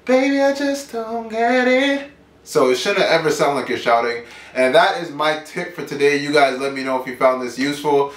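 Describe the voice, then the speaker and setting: A man's voice: mid-range voice, a bit bright. A man teaching singing in a casual, upbeat online lesson, chatting and singing short demo lines. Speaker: vocal coach. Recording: roomy sound, mic at a distance.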